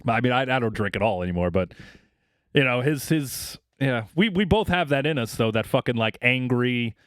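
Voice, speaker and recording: A man's voice: medium pitch, lively intonation, brisk, clear, resonant tone, no room sound, clean studio sound. Rambling, profane man telling stories. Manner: rambling, profane, many fillers like "like" and "you know". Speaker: podcast co-host. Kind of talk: casual storytelling chat.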